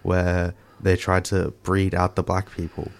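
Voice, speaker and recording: A young Australian man with an Australian accent talks in casual conversation. His voice is very low and gravelly. He is agreeable and speaks in quick bursts. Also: monotone.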